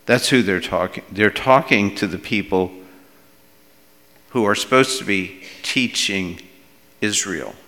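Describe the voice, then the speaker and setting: A middle-aged male pastor with a fairly low voice preaches a sermon in a big-sounding room. His delivery is conversational, but he turns loud whenever he acts out quoted speech.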